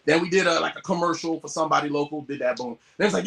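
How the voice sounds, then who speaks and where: A man from the West Coast telling stories as a podcast guest, animated and swearing, acting out the voices he quotes. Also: on the high side, fast, creaky, hardly any pauses, a little hiss or hum. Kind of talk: casual storytelling.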